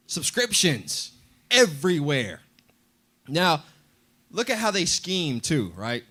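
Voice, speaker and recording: A high-voiced man preaching at a Bible class. His delivery is animated and full of emphasis, and he slips into little acted voices to drive his points home. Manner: animated, acts out voices in quotes.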